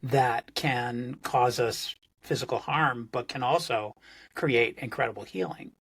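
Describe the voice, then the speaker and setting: A man speaks as a guest on a podcast, explaining ideas in a measured, thoughtful way. His voice is gravelly and husky. The sound is dry and close, and he repeats words as he searches for what to say. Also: mid-range voice, steady tone, a bit bright, no echo. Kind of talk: conversational explanation.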